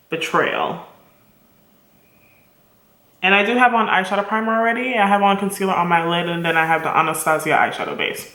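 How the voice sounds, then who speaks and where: A chatty woman beauty vlogger talks her viewers through a makeup tutorial with a bright, forward tone. She is upbeat and casual and speaks straight to her audience. Her voice rings in an echoey room. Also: on the low side. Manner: chatty and enthusiastic, addresses viewers directly.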